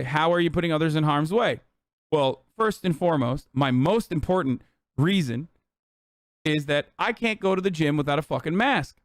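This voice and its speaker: Male streamer, highish dry voice, sarcastic and profane. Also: no echo. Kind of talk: casual livestream commentary.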